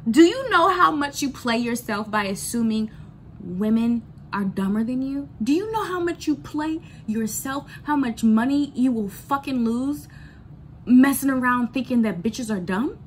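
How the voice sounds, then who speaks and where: A woman's voice: fairly high pitch, lively intonation, measured pace, slight background noise. A woman ranting bluntly in a candid storytime vlog, swearing freely and repeating lines for emphasis. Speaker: vlogger.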